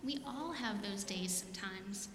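A woman reading the lines of a patient mother soothing her child at bedtime, soft and calm. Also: mid-range voice, measured pace, a little hiss or hum, close to an everyday voice. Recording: echoey hall.

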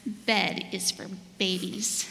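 Woman putting on a whiny little girl, picture-book reading, bright voice, long echo. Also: mid-range voice, steady tone, slow pace, gravelly, voice pushed down, full character voice. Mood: stubborn. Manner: stubborn, whiny refusals. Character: cranky little girl at bedtime. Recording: reverberant church hall, faint noise.

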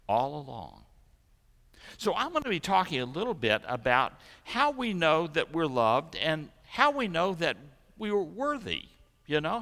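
A middle-aged man preaching a sermon, telling stories gently and then preaching with energy. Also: on the high side, gravelly. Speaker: pastor. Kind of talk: sermon and children's message. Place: church sanctuary. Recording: echoey church sanctuary.

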